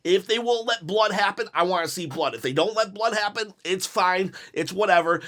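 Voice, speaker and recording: A man hosting a casual wrestling commentary show, energetically pitching storyline ideas and slipping into quoted lines from the wrestlers. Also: fairly bright tone. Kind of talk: casual fantasy-booking commentary.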